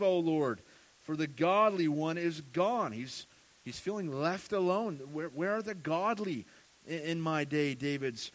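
A man's voice: a little high, fairly bright tone. A man preaching a sermon in an earnest way, often repeating words as he goes. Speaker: pastor.

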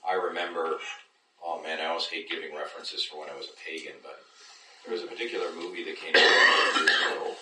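A man's voice: rumbling low, little pitch movement, fairly quick. A man teaching a Bible class, engaging his listeners and often checking that they follow. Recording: echoey room, distant mic, faint noise.

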